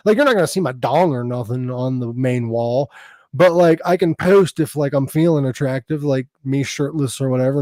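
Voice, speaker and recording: A man's voice: fairly high pitch, a little mellow, no room sound. A man hosting a podcast in casual chat, cracking crude jokes and laughing often. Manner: crude, joking, quick to laugh. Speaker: podcast host.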